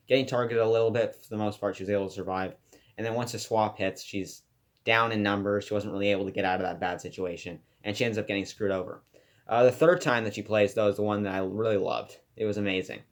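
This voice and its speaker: A man with a fairly low voice gives an eager class presentation, stumbling and restarting as he goes. His delivery is casual and heavy with fillers. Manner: enthusiastic, rambling with fillers and restarts. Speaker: student presenter.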